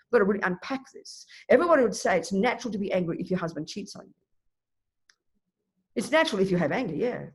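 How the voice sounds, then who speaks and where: Woman, Buddhist teacher, emphatic and lively, restarts mid-thought; dharma class. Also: mid-range voice. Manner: emphatic, animated, thinks aloud with restarts.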